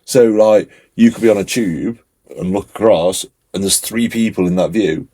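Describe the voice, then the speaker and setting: Young male podcast co-host, husky low voice, animated and rambling. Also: normal speed. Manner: animated storytelling, lots of fillers. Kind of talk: casual chat.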